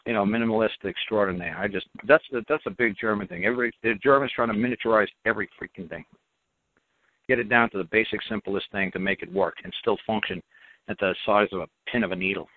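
A man's voice: fairly low pitch, fairly even intonation, quick pace, no echo. A man hosting a call-in radio show, talking bluntly and emphatically and repeating his points. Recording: dry, tinny phone-like audio.

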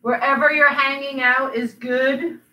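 A woman's voice: sits high, fairly even intonation, measured pace, dull audio. A woman leading a children's yoga class, playful and teasing as she guides each pose. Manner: playful, teasing with silly animal sounds. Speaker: kids' yoga instructor. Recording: echoey room, voice from a distance.

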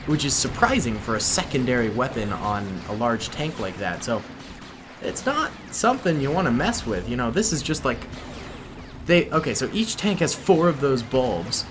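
Excitable man commentating a game. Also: medium pitch, moderate pace, background noise. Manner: excitable, chatty, laughs often. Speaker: gaming YouTuber. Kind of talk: casual gameplay commentary.

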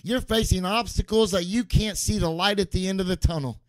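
A man's voice: high voice, brisk, no echo. A man preaching a sermon as pastor, emphatic and repeating key phrases for stress.

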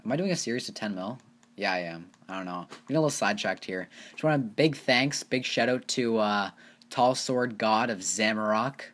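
A man hosting his own gaming channel, giving casual, rambling gameplay commentary and getting excited over small wins. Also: fairly low pitch, fairly quick. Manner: rambling, easily excited, talks to viewers as "you guys".

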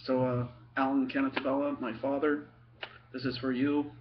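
A man's voice: medium pitch, level tone, noisy background. Young man, casual storyteller, giggles and trips over his words, muffled home-video sound. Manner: giggly, laughs through his stories; halting, many ums and restarts. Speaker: son telling family stories.

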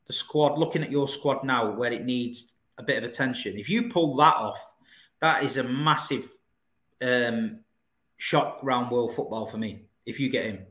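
A man's voice: mid-range voice, normal speed, fairly bright tone. Man, casual football chat host, blokey banter, echoey room. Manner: laid-back, blokey banter.

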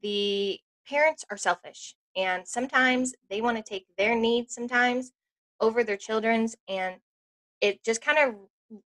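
A woman co-hosting a podcast in casual chat, speaking emphatically and reacting with quick interjections. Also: on the high side, fairly bright tone. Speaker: podcast co-host.

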